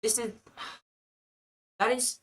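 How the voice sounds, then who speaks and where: Woman ranting at a video she's reacting to, slow talker, sharp bright voice. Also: poor audio. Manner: exasperated, argumentative, talks back at the screen. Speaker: commentary youtuber reacting to a video. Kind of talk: reaction commentary.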